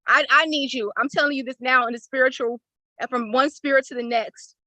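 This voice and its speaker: A woman's voice: high-pitched, fairly even intonation, brisk, bright, forceful tone, no echo, low-quality recording. A woman on a video call giving a heartfelt, tearful testimony of gratitude, effusive and emotional. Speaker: participant in an online class. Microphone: laptop or phone on a video call.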